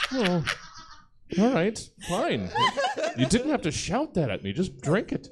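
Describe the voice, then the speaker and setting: Host guy at a comedy show, talks real slow, voice swoops a lot, crowd in the back. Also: high-pitched, huge pitch swings. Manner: loose, laughing, wry. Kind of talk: live comedy show hosting.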